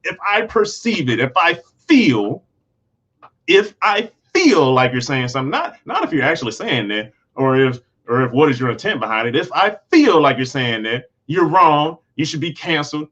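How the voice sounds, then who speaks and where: A man's voice: mid-range voice, sharp tone, highs cut off. A man hosting his own channel, talking earnestly in a casual livestream, rambling and restarting his sentences often. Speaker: channel host.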